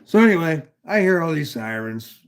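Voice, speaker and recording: A man's voice: a little high, big pitch swings, moderate pace. A man from northwestern Pennsylvania telling a long story in casual chat, rambling and profane with many asides.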